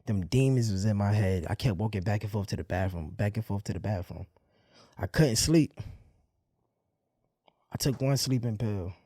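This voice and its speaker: A man telling a painful personal story in a candid monologue, using blunt street slang and swearing, with halting restarts when the memories get heavy. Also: fairly low pitch, mellow, no echo. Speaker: podcast host.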